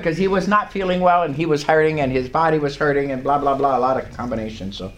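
A man's voice: fairly high pitch, lively intonation, fast, few pauses, a bit bright. An older man preaching a sermon in a church, telling a story with emphatic, rising lines. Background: congregation responding.

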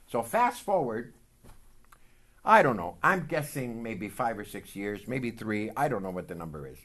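A man's voice: medium pitch, animated, moderate pace, fairly bright tone. A man preaching, telling a story from his life in a sermon and acting out the dialogue.

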